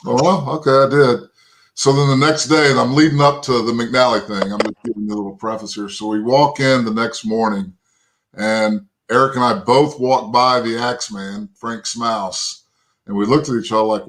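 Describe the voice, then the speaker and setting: A man's voice: medium pitch, fairly even intonation, moderate pace, fairly bright tone, poor audio. Folksy storytelling man from Texas. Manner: folksy, rambling anecdotes with frequent "right?" and "you know". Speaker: guest, former pro football lineman. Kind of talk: interview storytelling.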